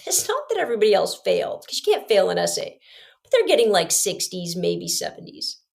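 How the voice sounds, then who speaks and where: A woman hosting a podcast, telling a personal story in an emphatic, lively way, swinging between punchy loud lines and hushed asides. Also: mid-range voice, fairly quick, vocal fry. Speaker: podcast host.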